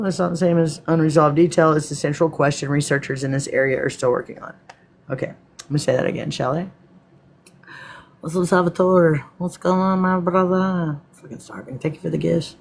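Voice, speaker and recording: With a fairly high, gravelly voice, a Texan man reads a script on his live stream. Between lines he answers viewers casually, swearing as he goes.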